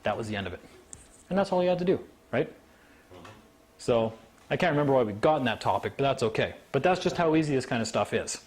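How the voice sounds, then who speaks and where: A man telling a story to a small live audience. His voice sits at an ordinary middle pitch, and his delivery is animated as he slips into other people's voices. A faint hiss of noise runs under him. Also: fast talker, long pauses. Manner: animated, acts out quoted voices.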